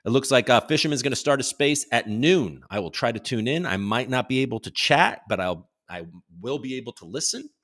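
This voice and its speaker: A man with a mid-range, expressive, fairly bright voice talks a little fast with hardly any pauses while hosting his own livestream. He rambles loosely about markets, reads out viewer comments, and swears now and then.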